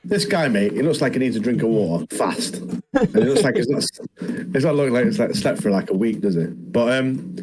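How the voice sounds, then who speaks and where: A man's voice: mid-range voice, sing-song, fairly quick, darkish tone, husky. A man, co-hosting a podcast and recapping anime scenes in rambling, slangy casual chat. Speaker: podcast co-host.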